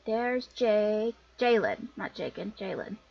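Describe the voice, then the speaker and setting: A woman's voice: mid-range voice, animated, slow pace, creaky. A woman streamer giving casual commentary on a visual novel, chatty and often correcting herself. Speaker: game streamer. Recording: dull lo-fi recording.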